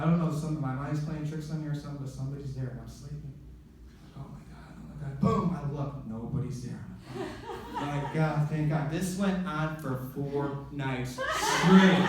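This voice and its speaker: A man's voice: on the high side, noisy background. Rambling stand-up man in an echoey club. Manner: rambling, excitable, acts out his own dialogue. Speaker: stand-up comedian. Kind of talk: stand-up storytelling. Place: comedy club stage. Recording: very echoey room, mic from far off.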